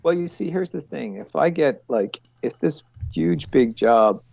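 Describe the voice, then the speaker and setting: A man with a gravelly edge walks his team through planning on a video call. He talks bluntly and swears freely, often rambling off on a rant. The sound is dull, lo-fi call audio with a dry, close feel. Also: a little high, lively intonation, a little slow, darkish tone, dry recording. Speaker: product owner leading a team meeting. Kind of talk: casual meeting explanation. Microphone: computer mic on a video call.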